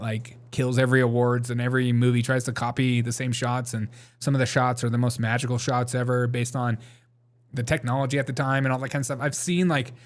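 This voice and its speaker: A man hosting a live show, chatting casually and rambling through jokes and chat replies, laughing often. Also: medium pitch. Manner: reads chat and answers it.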